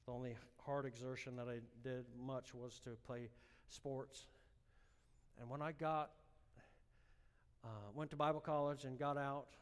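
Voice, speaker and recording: A man preaching a sermon, telling a personal story with strong emotion and building to fervent, loud exhortation. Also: mid-range voice, big-room sound. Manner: emotional storytelling, rising to impassioned shouting.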